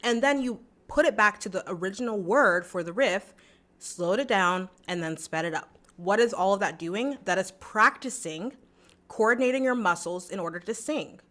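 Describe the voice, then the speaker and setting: A woman's voice: medium pitch, normal speed, bright, forceful tone. A young adult woman vocal coach teaching a singing lesson in a chatty, encouraging way, breaking into short sung demo notes.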